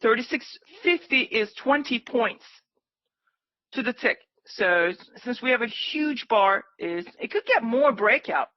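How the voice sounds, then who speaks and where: Excitable woman cheering on a live trade. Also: fairly high pitch, measured pace, no echo, lo-fi sound. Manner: excitable, cheering the market on, pleading. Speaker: day-trading livestream host. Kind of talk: live trading commentary.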